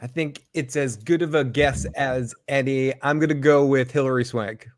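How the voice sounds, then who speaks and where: A man's voice: mid-range voice, steady tone, moderate pace, no room sound, clean studio sound. A man co-hosting a casual call-in livestream, laid-back and blunt, tossing in jokes.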